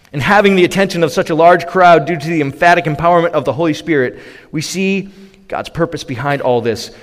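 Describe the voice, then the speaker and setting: A man preaching a sermon as pastor, emphatic, with sudden raised bursts. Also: on the high side. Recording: long reverb of a large hall.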